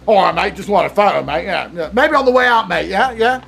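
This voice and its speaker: Brief: over-the-top Australian bloke, high and bouncy, won't take no for an answer, put on by a man. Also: lively intonation, fairly quick, vocal fry, fairly bright tone, faint music behind, full character voice. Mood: pushy. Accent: put-on broad Australian. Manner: over-the-top, repeats "mate", insistent. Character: pushy, eager male Australian fan.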